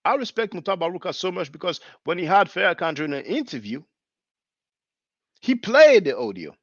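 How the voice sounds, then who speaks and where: Guy talking over clips, mocking tone, bouncy pitch, dry dull lo-fi sound. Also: very animated, fairly quick, a bit bright, no echo. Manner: mocking, chatty, lots of fillers. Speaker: commentator. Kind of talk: casual commentary on clips.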